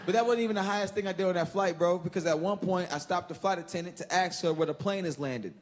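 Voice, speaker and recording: Male stand-up comic, high voice, brash and animated delivery, noisy live stage mic. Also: fast talker, few pauses. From Chicago. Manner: animated and profane, shouting punchlines. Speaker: stand-up comedian. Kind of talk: stand-up comedy set. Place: comedy stage before a laughing live audience. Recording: loud live room noise.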